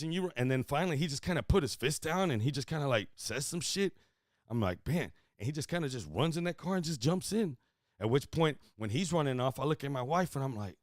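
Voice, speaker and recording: A man from Houston, hosting a podcast and telling a profane story in casual chat, swinging from loud bursts to hushed asides. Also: a little high, expressive, a little fast, no echo, studio quality. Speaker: podcast host.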